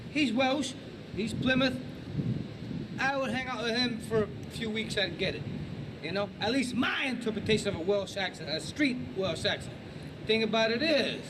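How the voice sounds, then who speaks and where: American man, very high voice, boastful slow talk, street slang, noisy clip. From United States. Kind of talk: boastful accent-showcase video.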